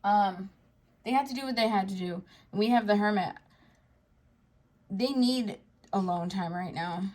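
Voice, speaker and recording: A woman giving a tarot card reading to her viewers, talking to them directly in a soft, reassuring way. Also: mid-range voice, measured pace. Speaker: psychic tarot reader.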